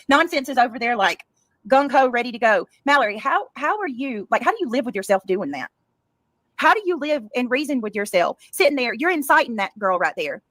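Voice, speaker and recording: A woman with a somewhat high voice rants on a livestream, indignant and profane, repeating herself as she defends her name. The sound is dry, with no room echo. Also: animated, a little fast, fairly bright tone. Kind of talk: livestream rant.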